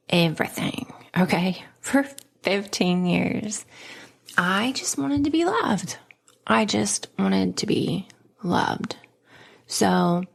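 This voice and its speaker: Podcast host, thirties woman: low, fry-laden voice, dramatic personal storytelling, quick whispers and laughs. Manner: dramatic, emotional, laughs often, slips into whispers.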